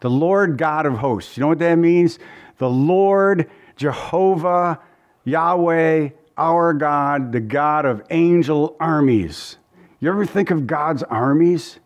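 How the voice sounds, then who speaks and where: A man's voice: on the high side, takes it slowly. A man preaching as a pastor, teaching verse by verse in a folksy, conversational way and often repeating his phrases.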